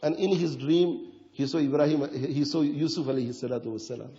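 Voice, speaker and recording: A man preaching a sermon with storytelling, impassioned and rising to loud, urgent questions. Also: fairly high pitch, fairly quick. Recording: dull lo-fi recording with long hall reverb.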